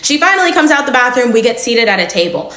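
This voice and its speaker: A young woman in her twenties telling a personal story in a chatty, animated way. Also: a little high, fast. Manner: chatty, animated retelling with laughs. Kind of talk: casual storytime. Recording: echoey room.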